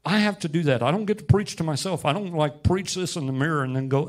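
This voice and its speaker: A man's voice: fairly high pitch, fast, hardly any pauses. Impassioned male pastor preaching. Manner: impassioned, rising to loud emphatic peaks. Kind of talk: sermon.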